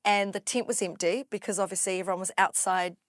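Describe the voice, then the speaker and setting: A woman tells stories in a loose, chatty way and keeps slipping into the voices of the people she describes. Her voice sits at a middle pitch, and the recording is dry and close, with no room sound. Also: fast talker, no echo. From New Zealand. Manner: animated, acts out quoted voices. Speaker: guest MC. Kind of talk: casual storytelling interview.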